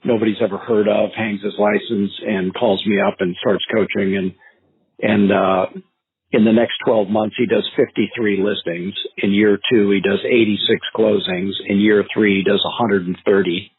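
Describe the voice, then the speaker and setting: Husky-voiced man coaching over a tinny line. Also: on the low side, moderate pace, dry recording. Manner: animated storyteller, acts out phone calls. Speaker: real estate sales coach. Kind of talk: podcast interview, anecdotal advice. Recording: tinny phone-line sound.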